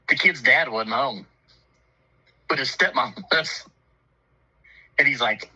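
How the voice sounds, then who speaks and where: A man's voice: medium pitch, animated, slow pace, pauses often, bright, forceful tone, husky, poor audio. A man telling a profane, funny story in casual chat, laughing often and acting out the voices of people in it. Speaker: storyteller on a talk show.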